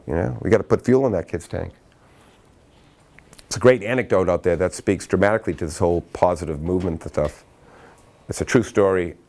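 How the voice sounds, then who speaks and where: A man giving a motivational talk to school staff, telling anecdotes in a lively way and acting out the quotes. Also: deep voice, fairly quick, long pauses. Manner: animated anecdotal storytelling, acts out quotes. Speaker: speaker at a staff training.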